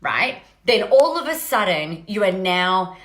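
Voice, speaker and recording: A woman's voice: mid-range voice, a little slow. Chatty woman podcaster in an echoey room. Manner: energetic, rambling, frequent "right?" tags, swears casually. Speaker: podcast host. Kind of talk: casual solo podcast talk. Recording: roomy echo.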